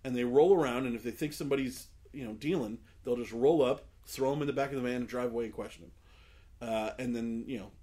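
A podcast co-host with a medium-pitched voice talks fast as he tells a long story in casual chat. He's animated, acting out the people in it and laughing often.

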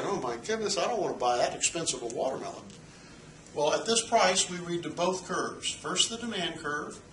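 This economics lecturer has a bright, forceful voice on the high side and keeps asking the class rhetorical questions, punctuated by "okay?" The recording comes from a distant mic in an echoey room, with slight background noise.

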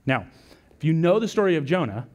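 Speaking briskly in a slightly high voice, a male lead pastor delivers his sermon as lively, conversational storytelling. He acts out quotes and keeps asking "right?"

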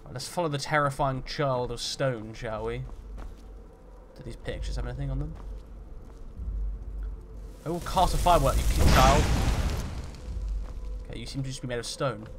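A man hosting a game roleplay, talking through it in a chatty, jokey way and getting loud and jumpy when startled. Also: medium pitch, fairly quick, a little hiss or hum. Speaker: gaming roleplay host. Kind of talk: roleplay let's-play commentary.

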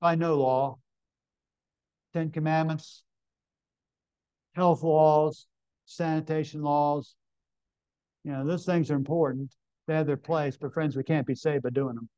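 A man's voice: fairly high pitch, fairly even intonation, unhurried, long pauses, warm tone, no room sound. A man preaching a sermon at a camp meeting, emphatic, reading scripture aloud and asking the congregation questions. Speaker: pastor. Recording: dull, lo-fi sound.

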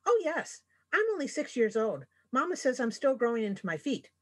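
A woman's voice: a little high, sing-song, normal speed, slightly rough, pitched above the performer's own voice. A woman doing a shy little griffin cub. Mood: timid. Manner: timid, polite, stammering. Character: shy clumsy young male griffin cub.

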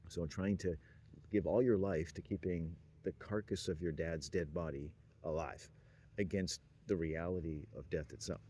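A man with a very low voice drifts through a meandering monologue, chuckling to himself and letting sentences trail off. A faint hiss of noise sits under the recording. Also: fairly even intonation, moderate pace, warm tone. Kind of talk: rambling stream-of-consciousness monologue.

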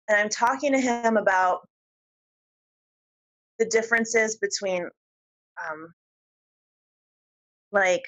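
A woman guest on an interview show, telling a personal story in a lively, giggly way. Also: mid-range voice, poor audio. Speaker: podcast guest.

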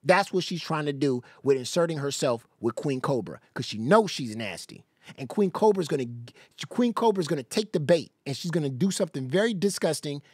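Lively, laughing man streaming commentary. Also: a little high, fairly quick, breathy edge, no room sound, clean studio sound. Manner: laughs a lot, animated gossipy storytelling. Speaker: live-stream reaction host. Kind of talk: casual live-stream commentary.

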